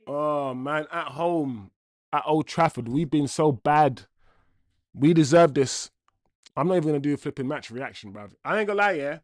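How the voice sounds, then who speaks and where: A young man streaming a live football watchalong, talking to viewers in slang and swinging between mutters and loud outbursts. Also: on the high side, moderate pace, no room sound, studio quality. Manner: loud swings from groans to shouts, slang-heavy.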